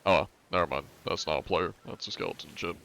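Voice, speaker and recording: Dry, low-voiced young male streamer. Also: fairly quick, creaky, fairly bright tone. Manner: dry, wry joking with chat. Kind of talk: casual gaming livestream chat.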